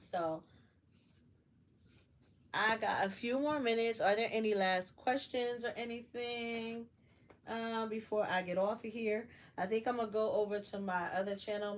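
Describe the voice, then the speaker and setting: A woman's voice: lowish voice, slight background noise. A middle-aged woman hosting a casual late-night livestream chat, talking easily to her viewers while she crafts at home. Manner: chatty, warm toward viewers, loud laughing bursts. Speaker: livestream host.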